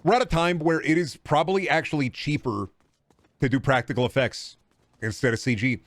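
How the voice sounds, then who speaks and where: A man's voice: medium pitch, a little fast, dry recording. A man streaming a video game, chatting casually and ranting with lots of swearing, slipping in goofy riffs. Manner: rambling, profane, riffs into silly voices. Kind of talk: casual gaming stream chat.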